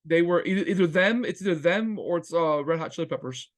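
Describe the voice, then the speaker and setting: A man co-hosting a podcast in casual chat, eager and quick to chime in with agreement. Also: on the high side. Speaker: podcast co-host.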